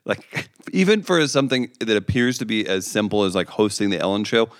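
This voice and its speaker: A man's voice: on the low side, sing-song, fairly quick, no room sound, clean studio sound. A man hosting a casual podcast, chatty and enthusiastic with his guest. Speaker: podcast host.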